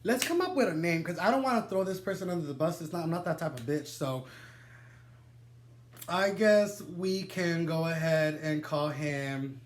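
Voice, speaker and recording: A young man telling a wild personal story to the camera, animated and dramatic, swearing freely and laughing through his digressions. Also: on the high side, moderate pace, slight background noise. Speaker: vlogger. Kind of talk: storytime vlog, casual and profane.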